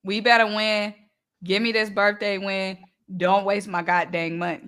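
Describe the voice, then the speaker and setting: A woman's voice: medium pitch, level tone, a little slow, a bit bright, clear, resonant tone. A woman hosting a sports podcast, sassy and teasing as she challenges her co-hosts. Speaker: podcast host. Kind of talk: casual sports podcast banter.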